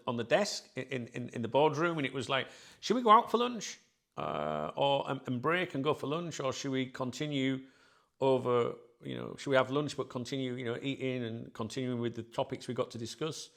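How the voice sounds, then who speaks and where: A man with a gravelly, fry-edged voice talks casually to his viewers as the channel's host. He rambles, filling gaps with ums and starting sentences over, and his pitch sits in an ordinary middle range. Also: a little fast. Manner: rambling, many fillers and restarts.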